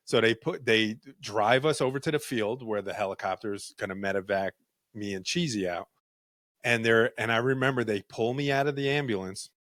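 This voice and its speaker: A young man hosting a podcast, telling a story in a casual, animated, profane, jokey way. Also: medium pitch, no room sound, clean studio sound. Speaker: podcast host.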